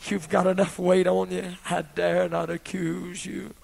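Gravelly, slow-preaching man. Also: sits high, flat delivery, poor audio. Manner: dramatic, swinging between shouted peaks and hushed whispers. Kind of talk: sermon.

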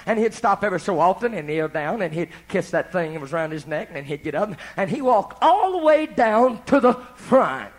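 A male pastor telling a story in a sermon, folksy and animated, moving from hushed asides to shouting. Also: sits high, moderate pace, few pauses.

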